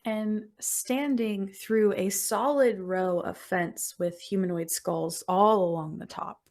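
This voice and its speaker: A woman narrating as game master of a tabletop role-playing game, describing scenes in an unhurried, descriptive way. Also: mid-range voice.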